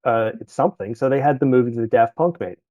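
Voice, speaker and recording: A man's voice: medium pitch, fast talker, dry recording, lo-fi sound. A man, chatting casually as a podcast guest about his travels, rambling and correcting himself as he goes.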